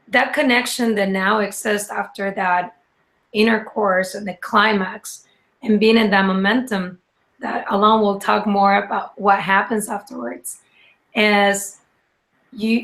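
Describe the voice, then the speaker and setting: A woman chatting on a podcast as a guest, rambling and halting, with many restarts and fillers. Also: medium pitch, fairly bright tone. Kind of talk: casual chat.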